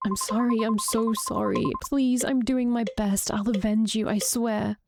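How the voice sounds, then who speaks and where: A woman's voice: mid-range voice, steady tone, vocal fry, darkish tone, faint music behind, natural voice. A woman voicing a desperate, guilt-ridden young protagonist in a horror game, pleading tearfully. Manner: pleading, tearful, slow and raised.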